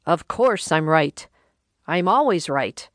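A woman's voice: deep voice, very animated, slow pace, dry recording, heavily acted. A woman voicing a grumbling, folksy older husband who talks in a dry, laconic drawl.

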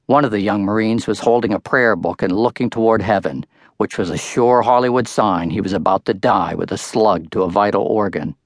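A man's voice: fairly low pitch, brisk, no room sound. An older man narrating his own book in a wry first-person storytelling manner, close to the mic. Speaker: author-narrator. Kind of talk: audiobook narration.

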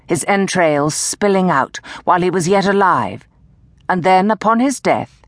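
Slow, expressive woman narrating a story. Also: on the low side, no room sound. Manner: measured, dramatic storytelling with hushed, whispered dialogue. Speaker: audiobook narrator. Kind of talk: scripted narration of a historical romance. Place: recording booth. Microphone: close studio mic.

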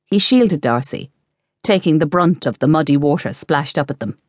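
Woman narrating an audiobook, steady measured reading, lowish voice, dry close mic. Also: dry recording. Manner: measured storytelling. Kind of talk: scripted narration.

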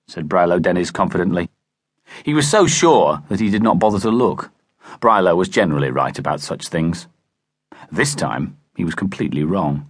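Brief: male storyteller, lower voice, very animated, dry close studio sound. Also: moderate pace, dry recording. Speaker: audiobook narrator. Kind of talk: scripted narration. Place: dry recording booth. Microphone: close studio mic.

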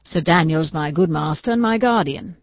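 A woman's voice: low-pitched, moderate pace, dry recording. A woman voicing an earnest young man who speaks with formal reproof, in an audiobook. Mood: stern. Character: young man, earnest ward, loyal and stiff. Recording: dull, dry audiobook recording.

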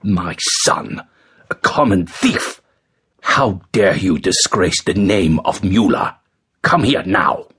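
A man voicing a stern, angry middle-aged father who gives slow, harsh commands in a husky voice. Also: on the low side, lively intonation, a bit bright, full character voice. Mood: furious.

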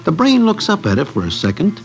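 A man's voice: high voice, huge pitch swings, brisk, exaggerated voice, low-quality recording. An actor playing a nervous city guy who narrates in stiff formal phrasing without contractions, in a 1940s radio drama. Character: Broadway, a nervous wisecracking city guy, man. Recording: old radio recording with faint music.

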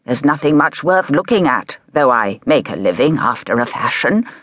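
Woman narrator voicing mysterious old blind shopkeeper, deliberate storybook read, lively pitch, dry sound. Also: no echo, exaggerated voice.

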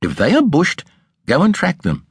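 A man's voice: a little high, huge pitch swings, moderate pace, breathy edge, no echo, studio quality, voice pushed up, heavily acted. A man voicing a stern, genteel middle-aged station mistress who speaks severely and precisely. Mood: grimly stern.

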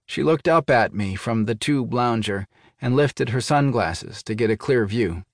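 A man narrating a first-person thriller audiobook in a measured, even storytelling manner. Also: medium pitch, no room sound, clean studio sound.

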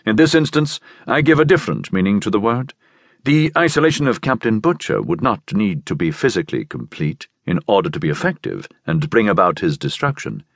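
A man voicing a calculating man who coolly explains a slow, cruel revenge. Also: fairly low pitch, big pitch swings, no echo. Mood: coolly scheming. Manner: smooth, measured and cold.

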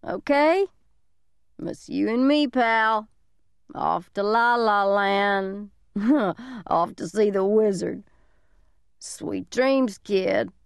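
A woman voicing a drunk, unhinged, suicidal large man who taunts in a slow, mocking drawl, in an audiobook reading. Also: mid-range voice, vocal fry, smooth, dry recording, studio quality. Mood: menacing.

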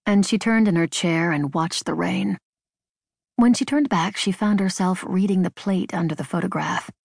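Low-voiced woman narrating an audiobook. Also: lively intonation, moderate pace, gravelly, darkish tone, slightly rough, no echo. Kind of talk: scripted narration. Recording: dry studio booth.

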